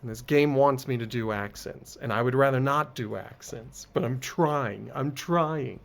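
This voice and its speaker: A man's voice: medium pitch, unhurried, gravelly, hardly any pauses. A man streaming a game, talking in a laid-back, self-deprecating, casual commentary style.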